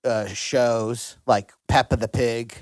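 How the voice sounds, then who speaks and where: A man's voice: mid-range voice, steady tone, slow, no echo. A man hosting a podcast, chatting in a jokey, self-deprecating way. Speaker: podcast host. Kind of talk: casual chat.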